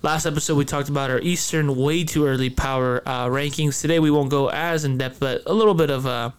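A man's voice: a little high, fairly even intonation, a little fast, clear, resonant tone. A man hosting a casual sports chat, rambling with many restarts and fillers. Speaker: podcast host.

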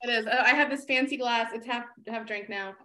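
A woman's voice: fairly high pitch, fairly even intonation, brisk, sharp tone, echoey room. A woman author guesting on a podcast, chatting casually and telling rambling, friendly stories. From United States. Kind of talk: casual chat.

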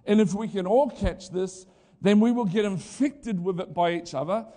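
A middle-aged male pastor preaches a lively, conversational sermon, tossing asides to the congregation. His voice is high-pitched and he speaks at a normal speed.

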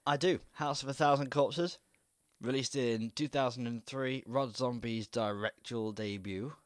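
A man's voice: mid-range voice, fairly even intonation, normal speed, no room sound, studio quality. A man co-hosting a casual film chat in an easygoing, thoughtful way. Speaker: podcast co-host.

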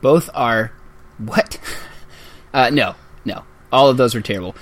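Casting note: jokey male podcast co-host, medium pitch, rambling delivery. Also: unhurried. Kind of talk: casual chat.

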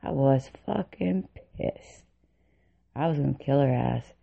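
A woman's voice: a bass voice, takes it slowly, gravelly, slightly rough. A woman telling an angry, profane story about army training, with bitter laughs. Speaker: vlogger recounting army training. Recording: tinny phone-like recording.

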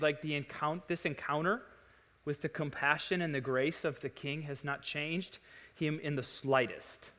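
Man, pastor preaching to a congregation, high-pitched and animated, reverberant church. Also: unhurried. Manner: animated, rising to loud emphatic peaks. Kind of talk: sermon. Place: church sanctuary. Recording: long hall reverb.

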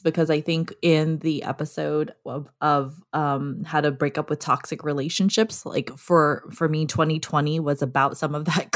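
A woman co-hosting a podcast in casual chat. She talks reflectively and thinks aloud, with pauses. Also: low-pitched, a bit bright. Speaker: podcast co-host.

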